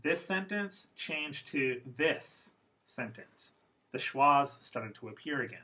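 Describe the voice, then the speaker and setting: A man teaching English pronunciation in a classroom lecture, explaining terms and modeling example sentences slowly and then quickly. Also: a little high, expressive, bright, forceful tone. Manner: clear, explanatory, addressing students.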